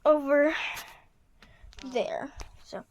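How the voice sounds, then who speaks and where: Brief: high, bright-pitched woman vlogger, chatty talk to viewers at home, a faint hiss behind. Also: extremely slow, lo-fi sound. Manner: chatty, talks to viewers, thinks aloud. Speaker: toy horse vlogger. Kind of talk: casual running commentary while organizing. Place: at home in her bedroom.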